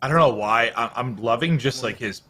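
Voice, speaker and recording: A man's voice: mid-range voice, fairly quick, pushed and bright. A man co-casting a live esports event, joking and teasing his partner between calls. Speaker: esports co-caster.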